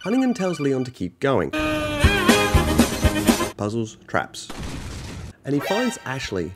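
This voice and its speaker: Man, lively, joking, self-mocking, mid-pitched voice. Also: takes it slowly, pauses often, over loud music. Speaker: gaming channel narrator. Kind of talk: casual comedic game story recap.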